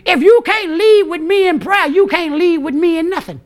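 High-voiced man preaching fiery sermon. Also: normal speed. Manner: impassioned, preaching in bursts of shouting, colloquial, chuckling. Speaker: pastor.

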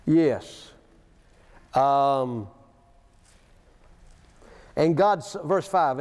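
A man's voice: high voice, expressive, moderate pace, darkish tone. A man preaching a sermon in a folksy way, telling stories with chuckling asides and reading scripture aloud in a church. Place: church sanctuary. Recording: long church reverb.

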